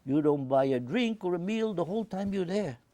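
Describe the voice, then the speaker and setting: An older man voicing a warm, eager middle-aged Belgian woman who works as a shop clerk, in a raised voice while telling a story. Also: lowish voice, animated, normal speed, dry recording, pitched above the performer's own voice, natural voice.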